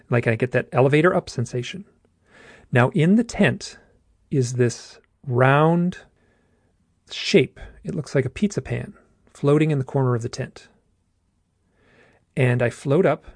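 Gravelly man telling a strange story. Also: medium pitch, a little mellow, no echo, clean studio sound. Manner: halting, restarts often, says "like" a lot. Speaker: guest telling his own story. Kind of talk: casual storytelling.

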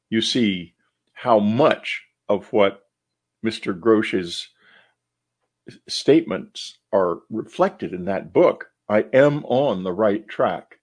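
An older man hosting a show, speaking in an earnest, musing monologue full of rhetorical questions, with a husky voice. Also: on the low side, darkish tone. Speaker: podcast host. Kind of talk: reflective monologue.

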